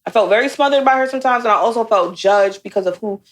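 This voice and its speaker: A young woman co-hosting a casual podcast, telling a personal story. She talks bluntly and curses freely, and she gets animated as the story builds. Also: a little high, fast talker. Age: young adult. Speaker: podcast co-host.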